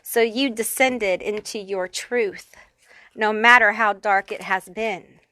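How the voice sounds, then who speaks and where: A woman's voice: medium pitch, fairly even intonation, slow pace, pushed and bright, slight background noise. A woman giving a pick-a-card tarot reading, talking straight to the viewer in a blunt, profane, fired-up way. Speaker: tarot reader.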